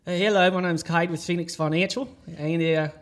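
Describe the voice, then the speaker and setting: A man's voice: on the high side, fairly even intonation, brisk, close to an everyday voice. A man doing a put-on Australian accent, debt collector on the phone, breezy salesy patter, a bit raised and upbeat.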